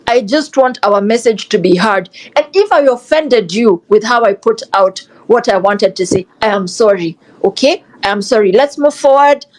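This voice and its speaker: A young woman with a Kenyan accent talks at a normal pace with few pauses, her voice somewhat high and the recording low in quality. Passionate and repetitive, she switches into Swahili as she presses her points in a heated live audio discussion online.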